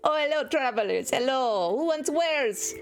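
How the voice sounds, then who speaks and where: A woman's voice: sits high, animated, normal speed, soft background music, pitched above the performer's own voice. A woman voicing a cheerful older male cat-folk merchant, calling out eagerly to travelers in a tabletop game. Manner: bright, eager sales patter.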